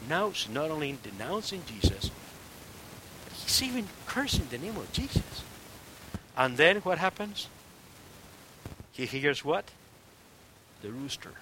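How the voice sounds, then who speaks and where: A man preaching a sermon, telling a story with energy and acting out the people in it, swinging from loud declarations to hushed near-whispers. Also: a little high, a little slow, long pauses, a little hiss or hum. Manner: animated storytelling, acts out quoted voices. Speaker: pastor.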